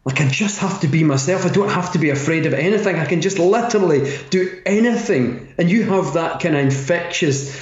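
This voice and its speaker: A man's voice: high-pitched, expressive, a little fast, hardly any pauses, roomy sound, muffled recording. A man with a central Scottish accent, chatting as a guest in a casual conversation, joking and self-deprecating. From Scotland.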